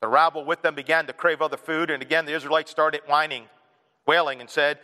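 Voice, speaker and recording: A man preaching a sermon to his congregation, animated and playful, acting out whiny kids and an annoyed parent. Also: a little high, fairly quick. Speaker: pastor. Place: church hall. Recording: reverberant hall.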